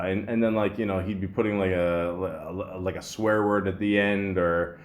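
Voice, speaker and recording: Male podcast host, low voice, loose rambling chat with frequent laughter, mic'd up close. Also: little pitch movement, fairly quick, few pauses. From Canada. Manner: rambling, laughing often, heavy on fillers. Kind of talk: casual chat.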